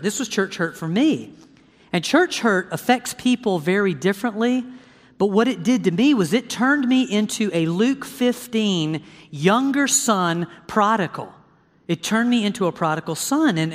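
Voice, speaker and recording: A male preacher giving a testimony sermon in a lively, storytelling way, talking right to his listeners. His voice sits high for a man. The sound carries a long reverb tail, as in a big hall. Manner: animated storytelling, addresses audience directly.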